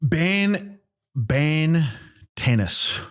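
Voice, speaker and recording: A man's voice: on the high side, big pitch swings, a bit bright. A man hosting a comedy podcast, ranting in mock outrage, full of ums and restarts. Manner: rambling, halting, with many ums and restarts; mock-outraged, exaggerating for laughs. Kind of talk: comic rant.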